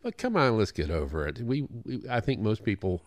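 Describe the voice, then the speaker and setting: Casting: American male radio co-host, low, lively voice, dry studio sound, wry and self-deprecating. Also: a little fast, no room sound. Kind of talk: casual radio talk.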